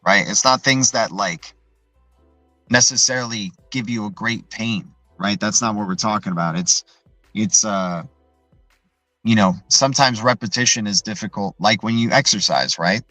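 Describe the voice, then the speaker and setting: A man's voice: on the low side, normal speed, bright, forceful tone, no room sound, soft background music, rough recording. A man hosting a live stream in a loose, rambling way, tagging his points with "right?" and answering viewer chat as he goes. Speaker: livestream host.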